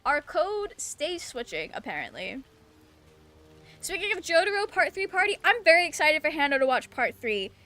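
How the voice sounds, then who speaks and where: A woman's voice: high-pitched, big pitch swings, normal speed, bright, forceful tone, faint music behind. Giggly Southern woman streamer. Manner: giggly, chatty, lots of fillers. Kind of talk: casual chat while gaming.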